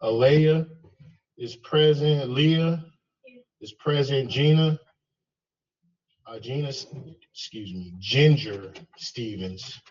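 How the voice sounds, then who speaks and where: A male math instructor calling roll in class, halting and checking how names are pronounced. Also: medium pitch, a little mellow, far from the mic, dull audio. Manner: slow, halting, checks name pronunciations.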